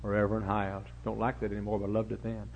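A middle-aged man, preaching a folksy sermon full of rambling anecdotes and sudden loud emphatic bursts. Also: on the low side, monotone, fast talker, gravelly. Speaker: pastor. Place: church service before a congregation. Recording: dull lo-fi recording with faint hum.

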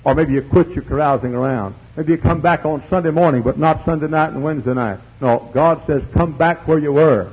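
Man, preacher, fiery sermon, husky, hushed to shouting, dull lo-fi tape recording. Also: fairly high pitch, brisk, hardly any pauses. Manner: swings from hushed pleading to shouting. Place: church.

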